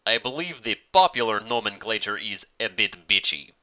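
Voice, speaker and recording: A man's voice: fairly low pitch, lively intonation, moderate pace, pushed and bright. A man voicing a cold, sarcastic woman interviewer with a Russian accent, in a story reading on a dull lo-fi recording. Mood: sardonic. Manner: dry, cutting, sarcastic.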